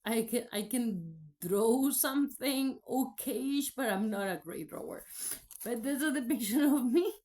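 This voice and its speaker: A woman's voice: on the high side, lively intonation, unhurried, a little mellow. A woman whose first language is Spanish gives a personal faith testimony in a candid, rambling way, full of fillers and restarts. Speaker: vlogger.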